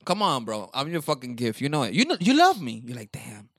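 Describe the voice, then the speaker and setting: A man co-hosting a podcast in casual banter, protesting loudly, swearing and laughing often. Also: medium pitch, huge pitch swings, a little fast, no room sound, studio quality. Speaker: podcast co-host.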